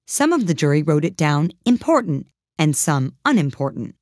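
Lively woman reading a storybook. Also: low voice, moderate pace, no echo, clean studio sound. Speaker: audiobook reader. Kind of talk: storybook narration.

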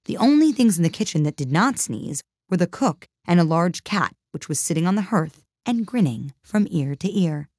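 A woman narrating a storybook in a measured, even way. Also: on the low side, husky, no room sound, clean studio sound. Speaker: audiobook narrator.

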